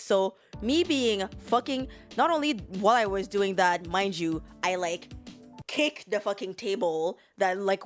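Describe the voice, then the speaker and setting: Profane, rambling woman podcast host. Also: medium pitch. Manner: rambling, profane storytelling with laughter. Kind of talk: casual chat.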